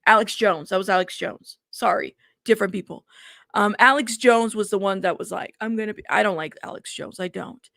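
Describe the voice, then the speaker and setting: A woman's voice: mid-range voice, moderate pace, creaky, fairly bright tone, no room sound, clean studio sound. A woman hosting a casual news commentary show, reading headlines aloud and reacting to them in a chatty way.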